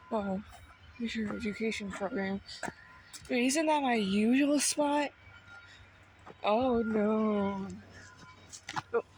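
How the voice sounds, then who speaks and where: A woman's voice: on the high side, a little mellow, low-quality recording. A young woman casually vlogging a nature walk into her phone, playful and chatty, a little out of breath, with faint outdoor noise behind. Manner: playful, chatty, exclaims at what she sees. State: slightly out of breath. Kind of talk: casual walking vlog. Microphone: handheld phone.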